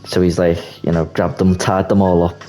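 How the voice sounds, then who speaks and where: A young man casually pitching a movie plot, telling it as an animated story with swearing and quick restarts. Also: poor audio. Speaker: YouTuber. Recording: faint music bed.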